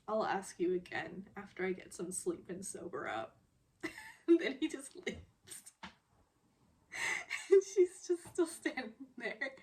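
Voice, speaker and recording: A woman's voice: medium pitch, darkish tone. A young adult woman casually recapping a TV drama episode, laughing often as she quotes the characters' lines. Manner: giggly, retells scenes by quoting characters.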